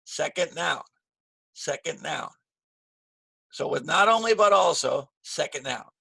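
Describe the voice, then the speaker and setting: A man teaching an English grammar lesson, slow and patient, repeating key phrases with stress. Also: a little high, animated, gravelly, sharp tone, breathy edge, dry recording.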